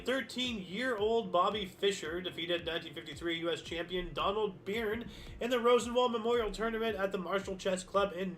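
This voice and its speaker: A man's voice: high voice, sharp tone. A man hosting a daily history show, reading dated events aloud and musing about them in a casual, rambling way with many fillers and self-corrections. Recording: faint background music.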